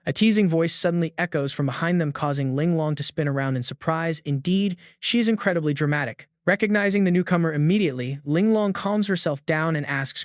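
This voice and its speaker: A man narrates a manhwa recap in smooth, scripted storytelling. His voice sits a little high and stays even throughout. The sound is close and dry. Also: fairly quick, no echo.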